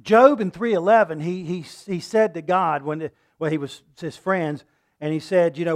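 Guy preaching, higher-pitched voice, earnest, keeps restarting words and then gets worked up. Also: moderate pace. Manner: earnest, rising to impassioned outbursts when quoting. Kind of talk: sermon.

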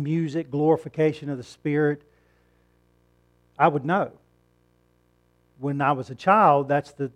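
A middle-aged male pastor preaches a Sunday sermon in a relaxed, conversational way. His voice is a little higher than most men's, and he pushes it higher and louder to drive key points home.

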